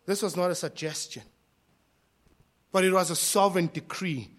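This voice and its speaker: A male pastor preaching a sermon, impassioned, swinging between hushed lines and loud cries. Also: fairly high pitch, moderate pace, long pauses.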